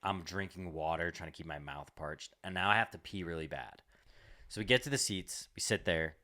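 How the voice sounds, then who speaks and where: A young man with a deep voice and a bright, pushing edge tells a story on a comedy podcast. He rambles and swears, stacking up filler words as he goes. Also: normal speed. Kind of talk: casual storytelling chat.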